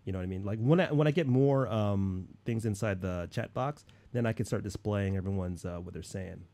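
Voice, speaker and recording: A man's voice: lowish voice, fairly quick, mellow. A man hosting a casual livestream chat, laid-back, repeating himself and saying dude a lot. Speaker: livestream host.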